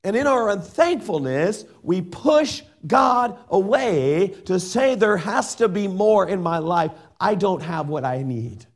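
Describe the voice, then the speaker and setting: A middle-aged man preaching a sermon and reading scripture in an earnest way. He shifts between loud emphasis and soft asides. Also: high-pitched, animated, slow pace, hardly any pauses. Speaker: pastor.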